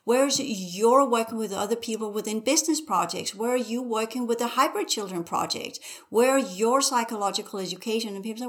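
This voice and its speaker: A woman's voice: on the high side, a little fast, hardly any pauses. A woman teacher speaking as a podcast guest, urgently exhorting listeners with strings of rhetorical questions. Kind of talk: podcast conversation.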